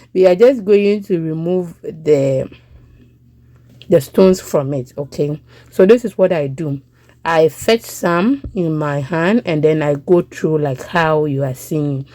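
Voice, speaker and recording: A woman's voice: low-pitched, dark tone, dry recording. A young Ghanaian woman with a Ghanaian English accent, chatting through a cooking voice-over as a home cook and checking in with listeners.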